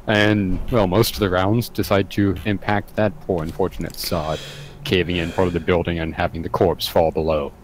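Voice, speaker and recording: A man playing in a tabletop game, describing his character's moves slowly with pauses and fillers. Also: sits low, level tone, slight background noise, poor audio. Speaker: player.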